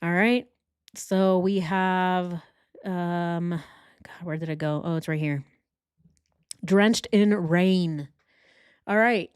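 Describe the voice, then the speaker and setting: A woman's voice: on the low side, fairly even intonation, slow, clear, resonant tone, no echo, studio quality. Sarcastic woman hosting true crime commentary. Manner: sarcastic and exasperated. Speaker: true crime channel host.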